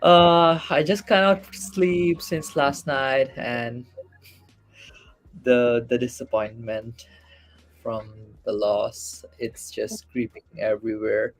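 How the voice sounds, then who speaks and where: A man's voice: medium pitch, fairly even intonation, takes it slowly. A man from Malaysia, a guest on a fan podcast, venting his frustration in a blunt, heated manner. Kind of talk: casual fan podcast chat.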